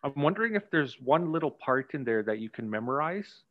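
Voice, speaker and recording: A man's voice: medium pitch, sing-song, brisk. A man coaching actors during a rehearsal, talking things through reflectively and telling stories from his own stage work. His voice comes through a dull, muffled video call. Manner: reflective, storytelling explanations. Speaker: director and acting coach.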